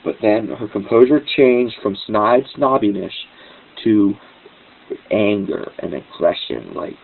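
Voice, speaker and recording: A man hosting a talk show, telling a story in an animated, indignant way. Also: on the low side, unhurried, gravelly. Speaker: host. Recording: tinny phone line with faint hiss.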